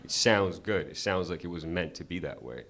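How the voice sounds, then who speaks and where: A man's voice: deep voice, lively intonation, moderate pace, fairly bright tone. A man doing a casual, profane stand-up set at an open mic, talking to the crowd conversationally. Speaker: stand-up comedian. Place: comedy club stage.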